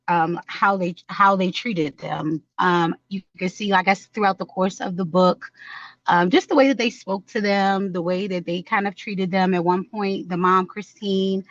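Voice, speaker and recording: A woman's voice: mid-range voice, no echo, highs cut off. A woman in a video call book club, thinking aloud with lots of ums and restarts. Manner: thoughtful, hesitant, many ums and restarts. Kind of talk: casual discussion.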